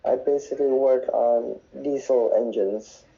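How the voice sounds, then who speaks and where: A man's voice: mid-range voice, steady tone, unhurried, vocal fry, warm tone, muffled recording. A young man, a navy sailor, telling rambling, profane stories in casual podcast chat. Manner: rambling, swears often, restarts. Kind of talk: casual storytelling. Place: dorm room on base.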